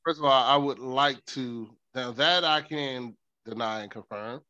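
A man's voice: mid-range voice, bright, forceful tone, no room sound, dull audio. A father co-hosting a podcast, joking and defending himself in casual chat. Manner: joking, defensive, quick bursts.

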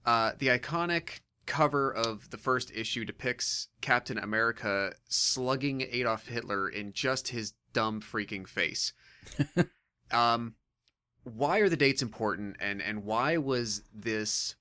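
A man's voice: lowish voice, measured pace, pushed and bright, clean tone. A man co-hosting a podcast, explaining comic book history in a hesitant way with many fillers and restarts.

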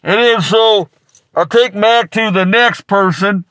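A man on a call-in show, telling a story with many stumbles and "uh"s. His voice is fairly high for a man, and the sound is dry and close. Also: slow, a bit bright, no echo. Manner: rambling, stumbling, many restarts and fillers. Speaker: caller. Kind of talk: rambling anecdote.

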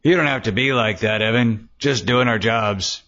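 A man reading the part of a calm, fatherly police lieutenant with a placating, easygoing manner. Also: mid-range voice, normal speed. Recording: dull lo-fi recording.

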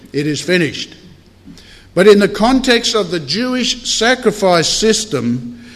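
A man preaching a sermon in a church hall, earnest and measured, with deliberate pauses. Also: high voice. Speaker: pastor. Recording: long hall reverb.

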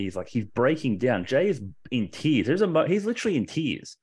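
A man co-hosting a podcast, talking in an excited, rambling way, restarting sentences and swearing casually. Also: mid-range voice, a little fast, breathy edge. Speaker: podcast co-host. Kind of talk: casual wrestling discussion.

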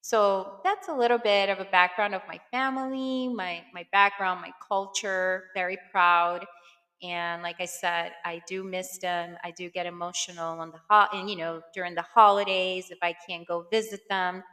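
A woman in her thirties talks casually on her podcast, full of fillers and openly emotional. Her voice sits low for a woman but sounds bright and forward. A long reverb trails behind her words. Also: flat delivery, normal speed. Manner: chatty and warm-hearted, many fillers, emotional at times. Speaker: podcast host. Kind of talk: casual personal chat.

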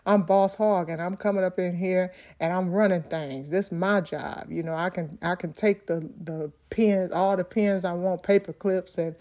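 A woman's voice: mid-range voice, a little mellow. A middle-aged woman minister giving a personal testimony in an earnest way. She laughs often and repeats words when she stresses a point.

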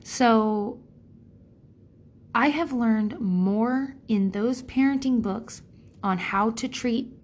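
Rambling, candid, swearing woman. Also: mid-range voice. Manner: rambling, profane, frank, acts out quotes in voices. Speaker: parent sharing advice. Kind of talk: candid casual monologue.

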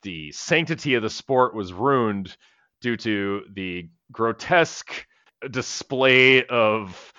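A man rambles through a movie recap on a podcast, cursing casually and laughing at his own retelling. His voice is bright and forward. The recording is dry and slightly muffled, like a home podcast setup. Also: on the low side, animated, slow pace, no room sound. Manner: rambling, profane, laughs while retelling scenes. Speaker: podcast co-host. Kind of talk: casual movie review chat. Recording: slightly dull lo-fi podcast audio.

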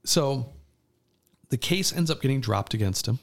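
Animated man telling a story. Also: medium pitch, normal speed. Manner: animated storytelling, trails off with fillers. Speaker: podcast co-host. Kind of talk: casual chat.

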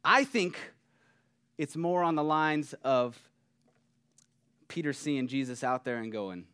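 A pastor preaching a sermon in a conversational, animated way, often checking in with the listeners. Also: male voice, a little high, slow, long pauses, smooth. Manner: conversational, animated, keeps asking "right?".

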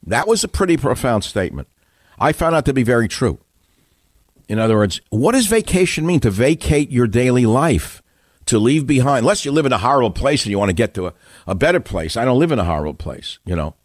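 A man's voice: mid-range voice, big pitch swings, brisk, no room sound, studio quality. A man hosting a talk radio show, musing and self-described as cynical, wandering between thoughts.

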